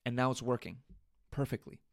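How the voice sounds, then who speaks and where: A man hosting a casual solo podcast, telling a story in an animated, venting way with swearing. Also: medium pitch, brisk, creaky, dry recording, clean studio sound. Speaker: podcast host. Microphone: USB interface podcast mic.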